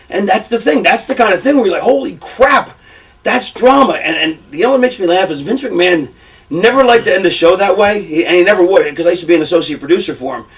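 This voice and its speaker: A man's voice: high voice, recorded from a distance, rough recording. A man in a shoot interview explaining wrestling booking, swearing freely and acting out fans' reactions. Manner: profane, animated, acts out fan reactions. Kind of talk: shoot interview, casual storytelling.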